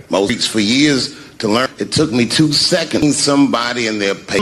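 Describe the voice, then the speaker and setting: A middle-aged man doing a stand-up routine, telling a story with animated delivery, shouted punchlines and acted-out voices. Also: mid-range voice, moderate pace, hardly any pauses. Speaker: stand-up comedian. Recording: echoey large venue with background noise.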